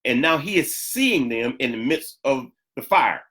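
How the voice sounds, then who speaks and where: A male pastor preaching a sermon, emphatic, repeating key lines and swinging sharply up and down in pitch for emphasis. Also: animated, measured pace, sharp tone.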